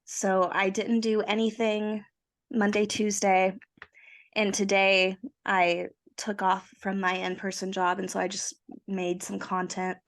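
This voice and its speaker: A young woman co-hosting a casual podcast, her voice hoarse from a cold, telling her story in a chatty, self-mocking way. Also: mid-range voice, flat delivery, measured pace. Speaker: podcast co-host. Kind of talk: casual chat.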